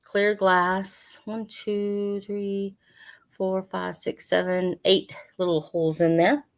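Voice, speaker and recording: A woman's voice: mid-range voice, flat delivery, takes it slowly. A woman hosting an online sale, talking casually and rambling with lots of fillers as she prices each item. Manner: chatty, rambling, with many fillers. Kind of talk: casual live sale patter.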